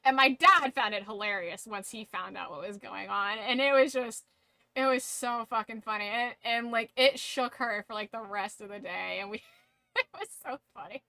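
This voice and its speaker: A high-pitched woman with a bright, sharp tone tells a story to her stream in a dry, close sound. She giggles often, swears freely and keeps saying "like". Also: normal speed, no echo. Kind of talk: casual storytelling to a live stream.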